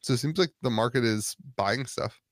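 A man hosting a podcast segment in casual chat, easygoing and quick to laugh. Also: mid-range voice, no room sound, clean studio sound. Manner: laughing, easygoing, a bit defensive. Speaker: podcast host.

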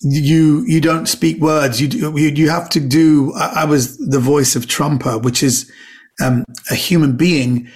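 A man, a comedian and actor, telling animated anecdotes as a podcast guest, often repeating words. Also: on the high side, unhurried. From Britain. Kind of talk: casual storytelling chat.

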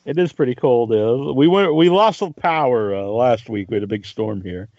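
A man from Massachusetts with a standard American accent, hosting an interview in a hesitant way with many pauses and restarts. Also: medium pitch, animated, a little mellow, highs cut off. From Cape Cod, Massachusetts. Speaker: podcast host. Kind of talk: casual interview chat.

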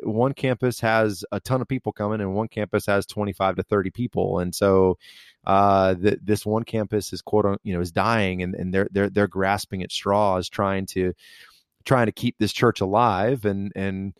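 A man with a fairly low voice co-hosting a relaxed faith discussion. He talks haltingly and often restarts his sentences. The sound is dry and close, with no room echo. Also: clear, resonant tone. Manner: hesitant, many restarts and fillers. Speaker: podcast co-host.

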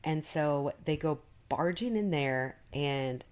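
A woman's voice: sits low, expressive, takes it slowly, darkish tone. A woman co-hosting a podcast, recapping an episode in casual chat, full of fillers and acted-out quotes. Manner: chatty, many fillers, acts out quotes. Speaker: podcast co-host.

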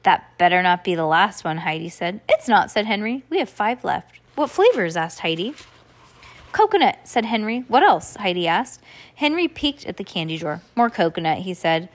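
A woman's voice: fairly low pitch, lively intonation, moderate pace. Playful woman reading a storybook aloud. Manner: playful, laughing asides. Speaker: podcast host reading aloud. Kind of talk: storybook read-aloud to a child.

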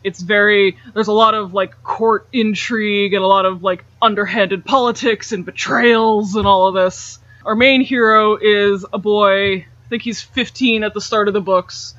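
A high-pitched man with a bright, sharp edge talks in a loose, chatty way, with plenty of "like" and laughs slipping in between points. The recording is dull and lo-fi, with a dry, close sound. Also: steady tone, normal speed, few pauses, no echo. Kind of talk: casual explanatory chat.

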